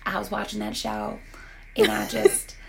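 A woman's voice: mid-range voice, very animated, measured pace, gravelly, a little hiss or hum. A woman with a sore throat co-hosting a podcast, chatting casually and animatedly about TV shows. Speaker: podcast co-host. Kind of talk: casual chat.

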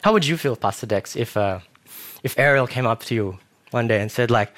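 A man's voice: medium pitch, a little fast. Young man preaching casually. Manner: casual, animated storytelling with acted-out quotes. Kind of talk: sermon.

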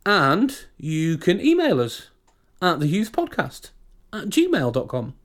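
A man's voice: high-pitched, wildly swooping pitch, slow pace, a bit bright. Chatty British man ranting on a podcast. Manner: chatty, ranting, restarts sentences. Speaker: podcast co-host. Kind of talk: casual chat.

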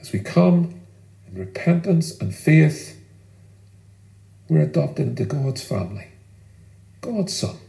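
A man preaching a sermon in an earnest, emphatic way, leaning on pauses for weight. His voice sits a little higher than most men's. The sound carries a roomy echo. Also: very animated, gravelly, dark tone. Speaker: pastor.

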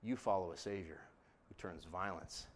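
A male pastor preaching a sermon to his congregation, dramatic and shifting between hushed, quiet stretches and loud, shouted passages. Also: deep voice, moderate pace.

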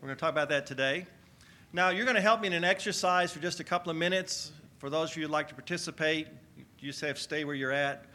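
A pastor delivers a sermon in a high, bright voice. He is energetic and calls on his congregation to shout their answers back. He preaches to his church. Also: fast talker. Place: church sanctuary.

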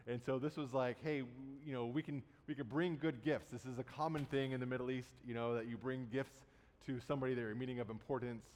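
A man's voice: medium pitch, steady tone, fast talker, few pauses, a little mellow. A man preaching a sermon, retelling a Bible story in a conversational way and casually acting out the quotes. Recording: long hall reverb.

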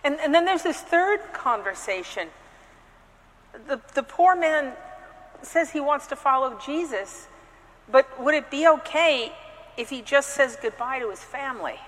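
A woman's voice: sits high, expressive, unhurried, a bit bright, long reverb tail, rough recording. A woman priest giving a conversational sermon, telling personal stories with frequent restarts and hesitations. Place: church.

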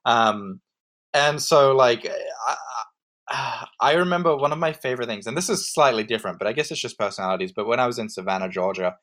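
A man's voice: medium pitch, a little fast, fairly bright tone. A man from Australia, co-hosting a casual podcast and rambling animatedly while laughing easily. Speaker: podcast co-host. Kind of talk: casual chat.

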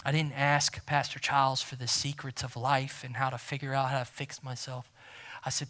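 A man preaching a sermon as pastor, emphatic and repeating key phrases, swinging from loud to near-whisper. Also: mid-range voice, flat delivery, moderate pace, hardly any pauses.

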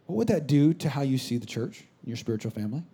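A man in his thirties, a pastor preaching a sermon in a church, moving between loud exclamations and soft whispered asides. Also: mid-range voice, big pitch swings, quick pace, husky. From California. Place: church sanctuary.

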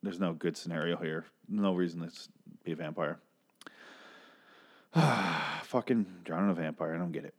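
Deep-voiced guy ranting through a tv recap, lots of swearing, kinda fed up. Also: normal speed, pauses often. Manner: profane, exasperated, rambling. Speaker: TV recap host. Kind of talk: casual episode recap.

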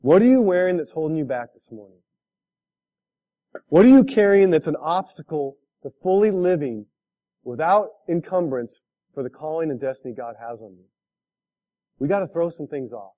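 A man's voice: fairly high pitch, lively intonation, moderate pace, long pauses, warm tone, dull audio. A man preaching a sermon, telling a story with laughs and asking the listeners direct questions. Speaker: pastor.

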